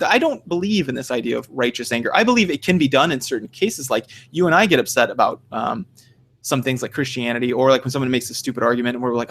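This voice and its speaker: A man's voice: medium pitch, fast, fairly bright tone. A man co-hosting a casual podcast discussion, rambling, swearing freely and acting out the arguments he quotes. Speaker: podcast co-host.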